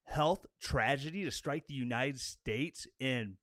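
A man's voice: medium pitch, takes it slowly, a bit bright, dry recording, studio quality. A man giving an angry, sarcastic political rant as a commentator. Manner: sarcastic and combative.

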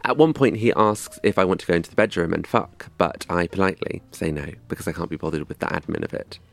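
A man's voice: low voice, fast talker, vocal fry, faint music behind. A young man from England telling a scripted comic story in a wry, dry, self-mocking way. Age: young adult.

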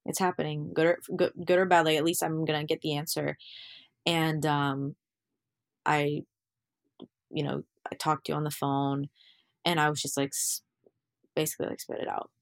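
A woman's voice: sits low, little pitch movement, moderate pace, gravelly, long pauses, dry recording, clean studio sound. A young woman, an actor, chatting candidly as a guest, full of fillers and quoting herself as she tells stories. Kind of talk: casual interview chat.

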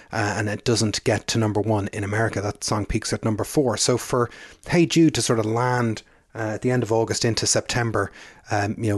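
A man's voice: on the low side, dry recording, studio quality. A man co-hosting a podcast in casual chat, rambling with frequent fillers and asides. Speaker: podcast co-host.

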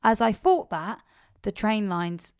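A woman's voice: medium pitch, very animated, slow, clear, resonant tone, dry recording, studio quality. A woman co-hosting a podcast, casually and animatedly retelling a story with frequent swearing. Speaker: podcast co-host.

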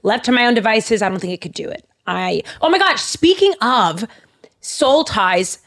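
A young woman co-hosting a podcast, telling stories in an animated, casual way, with frequent fillers and restarts. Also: on the high side, normal speed. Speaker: podcast co-host. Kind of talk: casual chat.

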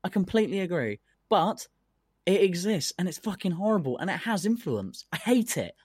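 A man's voice: sits high, big pitch swings, normal speed, a little mellow, breathy edge, no echo, studio quality. A man co-hosting a casual comedy podcast, ranting and swearing a lot as he gets worked up. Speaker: podcast co-host.

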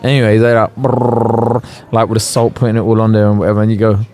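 A man, co-hosting a podcast, telling animated stories full of slang and swearing. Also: fairly low pitch, racing. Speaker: podcast co-host. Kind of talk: casual banter.

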